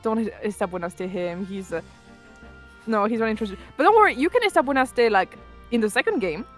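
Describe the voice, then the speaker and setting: A woman's voice: fairly high pitch, animated, a little fast, soft background music. A woman handing out roles and chatting with friends during a game session, teasing and talkative. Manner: chatty, teasing, hesitant with fillers. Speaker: game organizer. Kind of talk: casual game-night chat.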